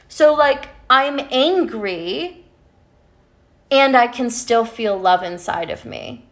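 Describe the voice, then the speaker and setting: Woman relationship coach, unhurried candid talker who swears, slightly high voice. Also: fairly bright tone. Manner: candid, swears freely, often tags "right?". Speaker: love and spiritual coach. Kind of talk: casual livestream talk to viewers.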